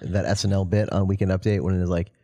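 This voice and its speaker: A man from the American South, hosting a podcast in a quick, teasing casual chat. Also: low voice, little pitch movement, dark tone. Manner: quick and teasing, repeats words. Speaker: podcast host.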